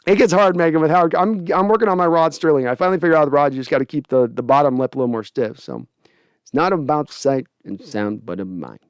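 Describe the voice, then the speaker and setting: A man's voice: a little high, expressive, fast, clean tone, dry recording, lo-fi sound. A man hosting a sports podcast, casually chatting and reading viewer comments aloud. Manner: chatty, laughs often, reads comments aloud. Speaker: podcast host.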